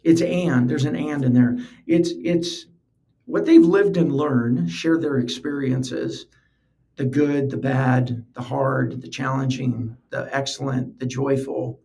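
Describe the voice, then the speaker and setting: A man's voice: mid-range voice, steady tone, slow pace, creaky, mellow. A man hosting a podcast, talking earnestly in a casual, conversational way and often repeating words as he thinks. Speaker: podcast host. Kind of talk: casual solo podcast talk.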